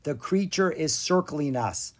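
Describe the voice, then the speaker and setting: A storybook narrator voicing a calm, wise earth dragon who speaks in measured warnings, with a lively rise and fall in the voice. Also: medium pitch, close to an everyday voice. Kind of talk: audiobook character reading.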